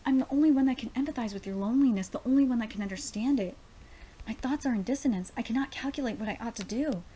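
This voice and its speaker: A woman's voice: fairly high pitch, quick pace, dark tone, breathy edge. A woman reading the lines of a lonely, cursed immortal young man, brooding and confessional.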